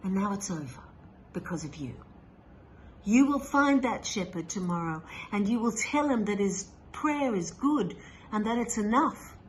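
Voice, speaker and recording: Lady doing a grave heavenly voice, hushed and reproachful, low-ish and soft. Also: animated, unhurried, a little hiss or hum, lightly acted, low-quality recording.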